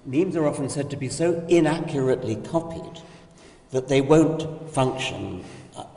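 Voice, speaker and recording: Older guy, dark mellow voice, measured careful talk, roomy echo far off mic. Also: mid-range voice, expressive, gravelly. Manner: measured, precise explanations with slight hesitations. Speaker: interviewer. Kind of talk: conversational interview. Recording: distant mic, echoey hall with long reverb.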